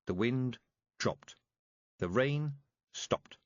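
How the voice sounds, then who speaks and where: A man narrating a story in a measured audiobook reading. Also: on the low side, expressive, a bit bright, breathy edge, dry recording, lo-fi sound.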